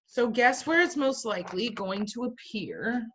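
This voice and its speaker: A woman's voice: fairly high pitch, lively intonation, a little slow, fairly bright tone, slight background noise. A woman teaching a class in a playful way, firing questions at her students and tossing in jokey asides. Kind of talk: classroom lecture.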